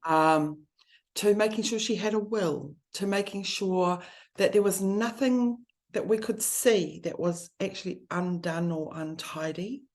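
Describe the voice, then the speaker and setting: A woman's voice: medium pitch, measured pace, a little mellow. A woman, speaking earnestly and from the heart in a conversation about grief. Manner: earnest and heartfelt, speeding up when listing.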